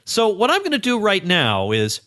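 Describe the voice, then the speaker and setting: Lively man telling a story, bright voice. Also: high voice, moderate pace, no echo, studio quality. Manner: lively, playful, animated retelling with laughs. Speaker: podcast host. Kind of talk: casual storytelling monologue. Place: small home office. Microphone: studio microphone.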